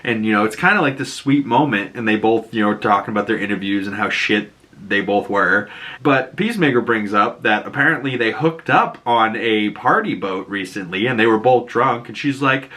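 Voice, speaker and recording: A man's voice: on the low side, moderate pace, sharp tone. A man with a Boston accent casually recapping a TV episode, rambling and often laughing. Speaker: TV recap YouTuber.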